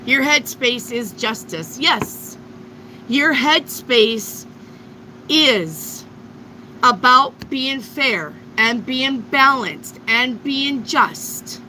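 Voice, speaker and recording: Blunt, bright-voiced woman reading tarot. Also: a little high, animated, drawn-out words, slight background noise, low-quality recording. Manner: blunt, emphatic, swears freely. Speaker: tarot reader. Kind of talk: live tarot reading to viewers.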